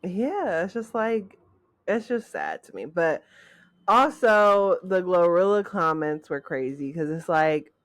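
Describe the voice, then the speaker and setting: Hesitant woman podcaster, low voice, dry sound. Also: big pitch swings, slow pace, no echo. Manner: rambling, hesitant, full of "like" and "I don't know". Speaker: podcast co-host. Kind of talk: casual chat.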